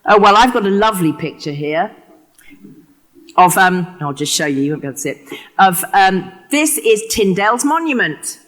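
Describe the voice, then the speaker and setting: An English woman with a West Country accent delivering a prepared keynote lecture, expressive and given to acting out quotations. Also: medium pitch, moderate pace. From England. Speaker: keynote speaker.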